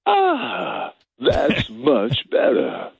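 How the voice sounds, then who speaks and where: Brief: man impersonating a smug, sly celebrity caller, slow gravelly drawl, pitch swooping wildly, phone line. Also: huge pitch swings, no room sound, heavily acted. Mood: sly mockery. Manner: sly, joking, drawling delivery. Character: mock impression of a smug male celebrity murder suspect. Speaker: comedy caller.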